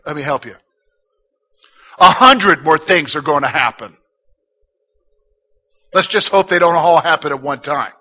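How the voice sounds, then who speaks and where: A man pastor preaching a sermon, swinging between loud urging and hushed, intimate talk and repeating short exhortations. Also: on the high side, expressive, unhurried, long pauses, faint music behind.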